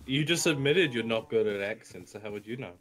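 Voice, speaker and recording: A man's voice: medium pitch, expressive, a little fast, fairly bright tone. A man chatting on a voice call while gaming, answering his friends with dry teasing. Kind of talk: casual gaming chat.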